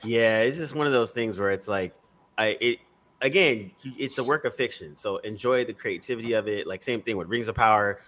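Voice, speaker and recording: A man in casual chat who sounds laid-back, trails off mid-thought and restarts, and often drops quiet. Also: on the low side, a little fast, slight background noise.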